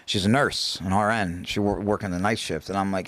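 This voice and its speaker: A man's voice: low voice, steady tone, fairly quick, few pauses, fairly bright tone, dry recording. A man telling his story as a podcast guest, talking casually and profanely, with many restarts and stammered repeats.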